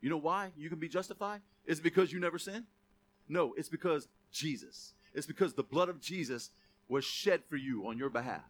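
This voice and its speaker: A man's voice: fairly high pitch, lively intonation, fairly quick. A man preaching a sermon, conversational and then emphatic, calling on the church to repeat key words. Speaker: pastor.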